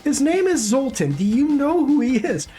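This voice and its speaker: A man puts on a frightened young servant girl, her voice pitched far above his own and breathless as she pleads. She sounds timid and desperate, the way a storyteller plays a scared girl at a gaming table. Faint music plays behind her. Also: very animated, normal speed, warm tone. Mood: frightened pleading.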